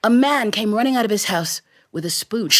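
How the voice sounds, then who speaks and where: A woman storyteller telling a folktale live in a studio, animated and chuckling between lines. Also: medium pitch, a little fast. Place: recording studio.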